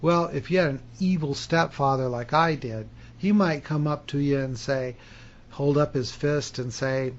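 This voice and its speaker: A man, an author and hypnotherapy teacher, delivering a self-help video monologue with animated, emphatic storytelling. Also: a little high, unhurried, muffled recording.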